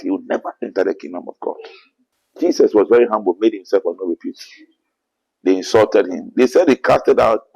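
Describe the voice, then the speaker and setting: The voice here is a man's, fairly low, gravelly, husky and mellow, captured on a low-quality recording. He is an apostle with a Ghanaian accent fielding interview questions in an earnest preaching style, frequently citing scripture and building to emphatic bursts.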